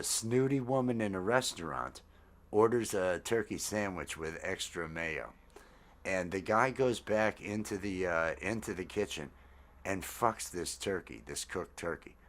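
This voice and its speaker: Host in his fifties, low-ish voice, rambling and laughing. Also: a bit bright. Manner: rambling, halting with fillers, laughs often. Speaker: podcast host. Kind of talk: casual chat.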